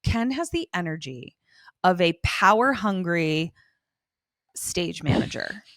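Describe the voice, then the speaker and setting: Animated woman recapping a show. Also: on the low side, no room sound. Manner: animated, profane, quick asides. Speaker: podcast co-host. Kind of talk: casual recap chat.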